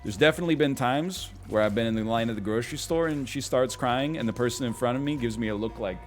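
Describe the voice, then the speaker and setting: A man's voice: mid-range voice, quick pace, faint music behind. A man in his thirties chatting casually on a live stream while gaming, rambling and self-mocking with a wry tone.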